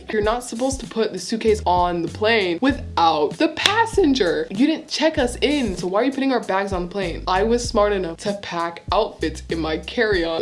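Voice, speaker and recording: A young woman chats through a storytime vlog. She sounds sarcastic and exasperated, and her voice sits at an ordinary middle pitch. Soft music plays faintly behind her. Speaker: vlogger. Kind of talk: casual storytime chat.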